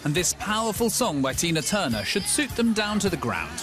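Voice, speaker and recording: A man reading a scripted television voice-over in a crisp, brisk manner. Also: sits high, very animated, loud music behind the voice. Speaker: narrator.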